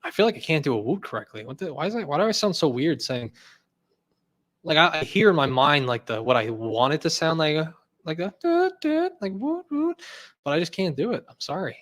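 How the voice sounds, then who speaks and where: A man's voice: on the high side, expressive, fast, a bit bright. A man hosting a casual livestream, rambling and jokey, laughing often and second-guessing himself. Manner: jokey ranting. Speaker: host.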